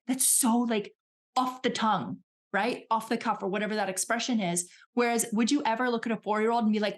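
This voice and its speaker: A woman coach speaking as a podcast guest, animated and chatty, often acting out little voices in her examples. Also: on the high side, fairly quick. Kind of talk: casual chat.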